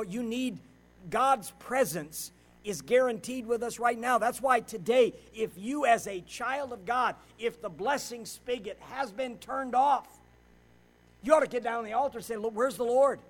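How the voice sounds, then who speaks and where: A middle-aged pastor, preaching a sermon and swinging between loud preaching and quiet storytelling. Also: male voice, very high-pitched, moderate pace, low-quality recording.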